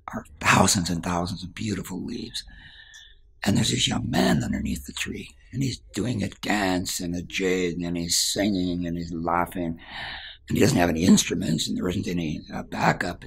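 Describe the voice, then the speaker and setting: A man's voice: low voice, creaky, breathy edge. A man giving a spiritual talk as a teacher, telling a story in an earnest way and dropping to a whisper at times.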